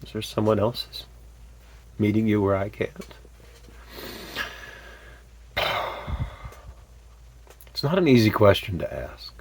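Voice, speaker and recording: A man telling a personal story in a candid, animated way, with frequent fillers and sudden swear words. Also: fairly low pitch, slow pace, long pauses, a little hiss or hum. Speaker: vlogger.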